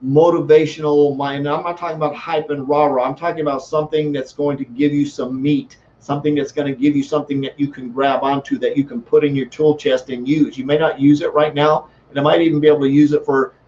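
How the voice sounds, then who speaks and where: A man's voice: fairly high pitch, little pitch movement, brisk, few pauses, a little mellow, highs cut off. A man giving a motivational talk as a sales coach, fervent and repetitive, often restarting his sentences.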